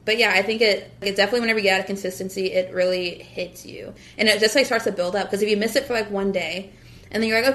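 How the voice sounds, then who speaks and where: A woman's voice: medium pitch, fairly even intonation, very fast, a bit bright. A young woman from the United States talking casually about her faith, with lots of fillers and frequent laughs. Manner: chatty, lots of "like" and "literally", laughs often. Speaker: guest.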